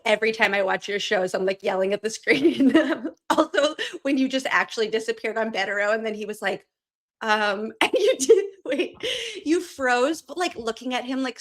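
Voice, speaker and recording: Giggly woman host, fairly high voice. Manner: giggly, laughs often and teases.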